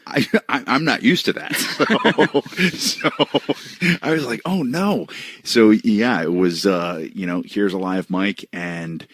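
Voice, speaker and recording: A man co-hosting a podcast, telling stories in a relaxed, casual way with frequent laughs. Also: low-pitched, slow, hardly any pauses, dry recording. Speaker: podcast co-host. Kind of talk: casual chat.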